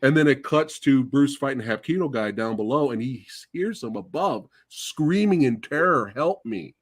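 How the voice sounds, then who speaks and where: A man hosting a casual movie review chat, gushing and excitable, swearing freely. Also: medium pitch, normal speed, no room sound, studio quality. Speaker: podcast host.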